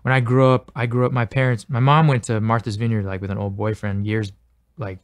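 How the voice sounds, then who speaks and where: A man's voice: medium pitch, level tone, brisk, dry recording. Earnest rambling man, dry sound. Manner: earnest, rambling, heavy on "like" and "you know". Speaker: actor promoting a film. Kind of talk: casual interview chat.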